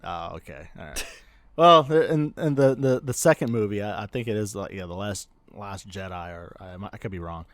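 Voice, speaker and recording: A man's voice: fairly low pitch, normal speed, no echo. A man co-hosting a podcast, telling stories in casual chat, rambling with frequent laughter and restarts. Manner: rambling storyteller, laughs often, many restarts. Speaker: podcast co-host.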